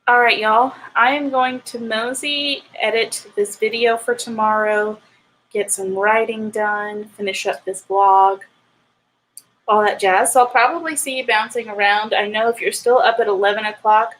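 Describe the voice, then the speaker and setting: Animated woman chatting on a livestream. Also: mid-range voice, slight background noise, low-quality recording. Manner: animated, ranting. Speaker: writing livestream host. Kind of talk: casual chat with live viewers.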